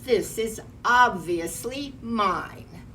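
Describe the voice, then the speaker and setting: Lady doing a bossy show-off lion, slow and sure of himself, a bit far from the mic. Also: a little high, expressive, a bit bright, slight background noise, pitched above the performer's own voice, heavily acted. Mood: boastful. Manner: scheming, self-important. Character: boastful big male lion, bossy leader.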